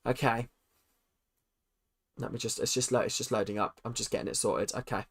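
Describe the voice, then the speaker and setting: A woman's voice: very deep voice, steady tone, brisk, creaky, pauses often, slightly rough. A woman hosting a livestream, chatting casually and bluntly, swearing freely. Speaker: livestream host. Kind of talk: casual live commentary.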